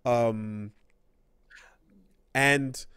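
A man's voice: mid-range voice, steady tone, extremely slow, bright, forceful tone, clean tone, no echo, clean studio sound. A man co-hosting a casual gaming podcast, rambling and swearing as he acts out quoted characters. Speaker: podcast co-host.

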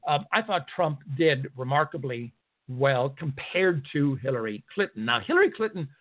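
A man's voice: medium pitch, lively intonation, moderate pace. A man hosting a talk radio show from a studio, ranting in a sarcastic, indignant way with many fillers. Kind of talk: political talk radio monologue. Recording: narrow phone-like sound.

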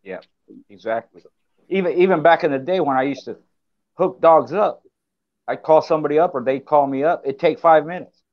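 A man's voice: on the high side, a little fast, dull audio. Laid-back man talking loosely. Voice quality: laid-back, rambling with many fillers. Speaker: podcast co-host. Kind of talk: casual chat.

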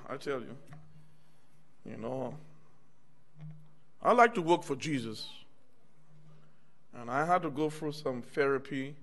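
A man's voice: medium pitch, fairly bright tone. A middle-aged male minister preaching in a church, conversational, often calling out "amen" and "y'all" to the congregation. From United States. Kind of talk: personal testimony sermon.

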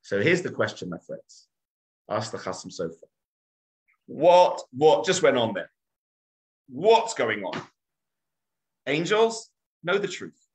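Male rabbi, animated teaching story, swinging pitch, mid-range voice. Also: slow pace, long pauses, poor audio. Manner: acts out the characters' voices, with frequent restarts.

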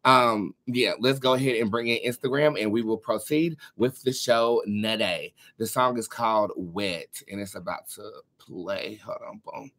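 A man's voice: on the low side, a little slow, hardly any pauses, a bit bright. A man hosting a live tarot stream in casual chat, sassy and profane, calling his viewers darling and girls while he sorts out his setup. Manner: chatty, talking to himself while fixing tech. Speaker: tarot reader hosting a livestream.

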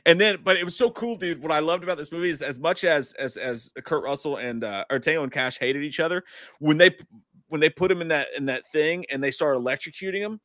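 A man co-hosting a casual movie chat, excitable and swearing, acting out scenes. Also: a little high, quick pace, no room sound, studio quality. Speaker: podcast co-host.

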